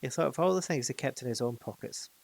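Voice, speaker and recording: A man's voice: mid-range voice, lively intonation, quick pace, creaky, darkish tone, poor audio. A man reading a fantasy storybook aloud, with occasional slips and restarts. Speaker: narrator.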